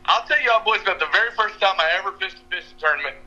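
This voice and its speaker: A young fishing guide who regularly appears on a podcast tells a fishing story through a muffled phone call, laughing as he goes. He speaks with a drawl, high-pitched and rapid-fire, against a noisy background.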